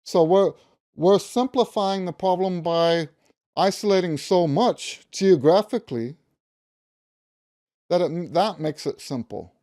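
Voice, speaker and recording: Speaking slowly with long pauses, a man in his fifties with a high, dark voice teaches a practice method to camera as a music teacher. He is emphatic, repeating key words and humming note syllables while explaining.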